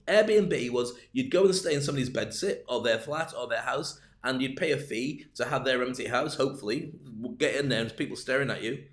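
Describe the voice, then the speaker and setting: A man hosting a live-streamed business talk, rambling with jokey, self-deprecating asides. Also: a little high. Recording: roomy echo.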